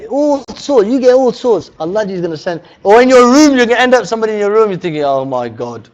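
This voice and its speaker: A man teaching a religious workshop in a mosque, animated and often checking in with his listeners. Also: very high voice, quick pace. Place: mosque hall. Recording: dull lo-fi recording.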